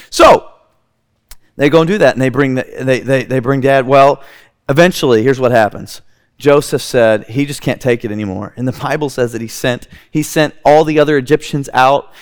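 A high-voiced man preaching to a congregation. He tells the story with animated voices for its characters and drops low and quiet when he quotes them. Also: normal speed. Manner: retells scripture in lively voices. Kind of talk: sermon storytelling.

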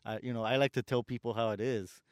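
Smooth-voiced man ranting about customers. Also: mid-range voice, steady tone, fast talker, no room sound, clean studio sound. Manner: ranting storyteller, swears, acts out customers. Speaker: store door greeter in customer service. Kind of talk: casual chat.

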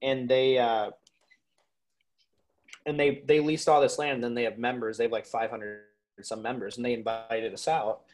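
Animated young man telling hunting stories. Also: mid-range voice, normal speed. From Minnesota. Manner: animated storyteller, swears freely, lots of "like" and "dude". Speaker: podcast guest, waterfowl hunter. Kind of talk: casual podcast interview.

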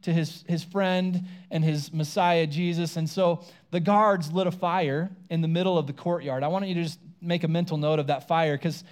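A pastor with a slightly higher-than-usual male voice delivers a sermon in a relaxed, talky manner. He retells scripture as if chatting with friends and briefly acts out the characters' words. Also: normal speed, hardly any pauses, smooth. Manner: casual conversational preaching, acts out quoted lines.

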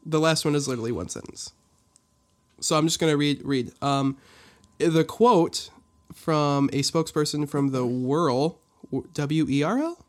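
A man co-hosting a casual podcast talks in a slightly higher voice than most men. He rambles and jokes as he reads through a news story. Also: measured pace. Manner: rambling, playful, laughs often. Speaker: podcast co-host. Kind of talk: casual chat, reading a news article.

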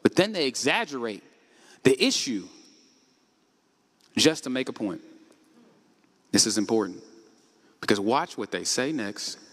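A man preaching a sermon, asking the congregation questions and rising to shouts. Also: mid-range voice, animated, unhurried, pauses often. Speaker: pastor. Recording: echoey hall with long reverb.

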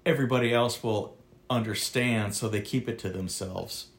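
A man hosting a podcast in casual chat, talking in a relaxed, hesitant way with lots of fillers. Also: fairly low pitch, normal speed. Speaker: podcast host.

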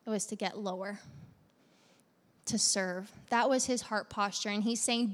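A woman's voice: medium pitch, steady tone, measured pace, long pauses, big-room sound. A woman pastor preaching a sermon in a conversational manner, talking straight to the congregation with questions.

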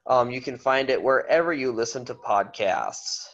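A man's voice: medium pitch, moderate pace, a bit bright. Man on a dull, lo-fi line. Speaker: podcast guest and host of his own show. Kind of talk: casual podcast interview.

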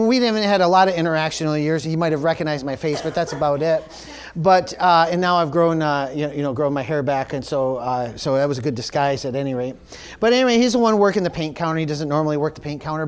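A man's voice: fairly high pitch, fast talker. A male pastor preaching a sermon, telling a personal story in a candid, self-deprecating way. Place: church service.

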